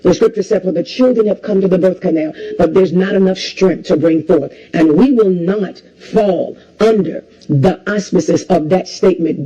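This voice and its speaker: A woman's voice: fairly low pitch, mellow, husky, dull audio. A woman preacher hosting callers, talking in an emphatic, repetitive preaching cadence. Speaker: preacher hosting a call-in livestream. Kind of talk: call-in talk with preaching.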